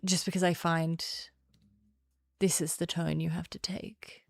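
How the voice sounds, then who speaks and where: A young adult woman streaming casual chat, playful and sing-songy, sometimes dropping into a lower, serious tone. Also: little pitch movement, measured pace, creaky. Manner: sing-songy, chatty, shifts between playful and low serious tone.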